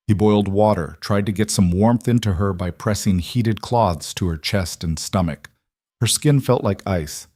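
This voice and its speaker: A man reading a dramatic western romance story in a measured, brooding way. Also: on the low side, darkish tone, no echo, clean studio sound. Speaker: narrator.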